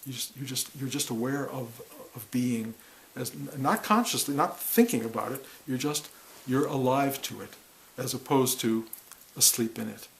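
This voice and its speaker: A middle-aged man teaching about awakening in a musing, reflective way, repeating words and breaking into animated bursts. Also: medium pitch, moderate pace, creaky, slight background noise, rough recording. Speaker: spiritual teacher. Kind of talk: reflective spiritual talk.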